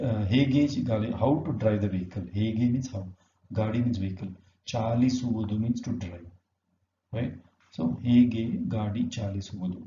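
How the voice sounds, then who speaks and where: Fast-talking man teaching. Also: on the low side, dark tone, echoey room, lo-fi sound, a little hiss or hum. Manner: quick, explanatory, mixes in Kannada phrases. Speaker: language teacher. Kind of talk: explaining Kannada grammar in English.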